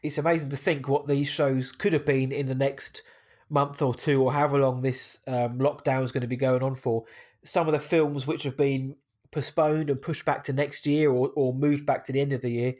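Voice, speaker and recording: A man's voice: mid-range voice, flat delivery, moderate pace, darkish tone. A British man co-hosting a casual movie podcast, a bit nasal from hay fever, chatty and enthusiastic. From Britain. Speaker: podcast co-host.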